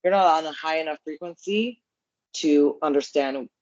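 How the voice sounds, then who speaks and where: A man's voice: a little high, moderate pace, darkish tone, no echo, lo-fi sound. A man with a Canadian accent co-hosting a podcast, speaking earnestly and repeating his points for emphasis. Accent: Canadian English. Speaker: podcast co-host. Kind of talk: casual podcast chat.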